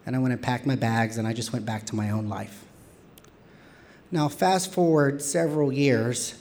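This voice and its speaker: A man telling a personal story on stage, expressive and playful with self-mocking humor. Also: mid-range voice, moderate pace.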